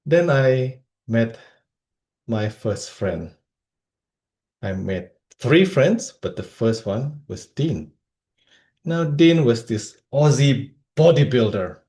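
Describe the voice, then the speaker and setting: Speaker from Indonesia, lively comic storyteller, slow deliberate pace, animated pitch. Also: male voice. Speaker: club speaker. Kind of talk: humorous speech.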